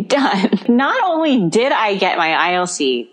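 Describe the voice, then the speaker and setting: A woman's voice: mid-range voice, a little slow, few pauses. A woman co-hosting a podcast, telling a story in casual chat, acting out the people in it and laughing often. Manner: animated storyteller, acts out quoted dialogue, laughs often. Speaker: podcast co-host.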